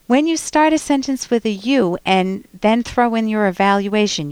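A woman's voice: a little high, animated, moderate pace, hardly any pauses, clear, resonant tone, no room sound. A woman hosting a radio call-in show as a clinical psychologist, giving direct, emphatic advice with pointed rhetorical questions, on a close studio mic.

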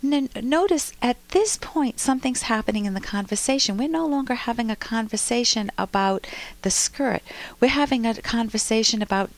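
A woman's voice: on the high side, normal speed, dry recording. A woman who is a clinical psychologist, hosting a call-in advice radio show and explaining each point step by step while acting out both sides of a conflict.

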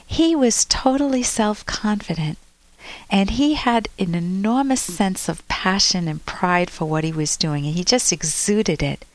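A woman's voice: medium pitch, measured pace, no room sound. A woman hosting a relationship advice podcast, talking in a chatty, rambling way and correcting herself as she goes. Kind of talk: casual advice talk and anecdote.

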